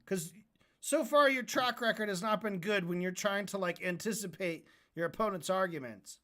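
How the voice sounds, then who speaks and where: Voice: mid-range voice, normal speed, pushed and bright. A streamer reacting to a debate, ranting and mocking in a profane voice.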